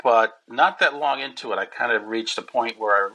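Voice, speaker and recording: A middle-aged man from Connecticut, a comedy writer telling anecdotes as a podcast guest, lively and drifting into character voices. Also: medium pitch, moderate pace, poor audio. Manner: animated anecdotes, drops into voices of people in the story. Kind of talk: casual storytelling interview.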